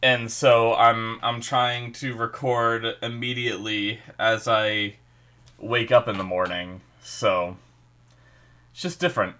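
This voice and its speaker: A man's voice: mid-range voice, level tone, slow pace, sharp tone. A man hosting a casual reaction video, chatting and thinking aloud as he watches, his nose slightly stuffy.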